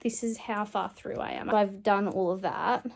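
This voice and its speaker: A woman chatting casually in a book vlog, emotional and animated as she reacts to her reading. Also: medium pitch, moderate pace, vocal fry. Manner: chatty, emotional, reads passages aloud. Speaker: book vlogger.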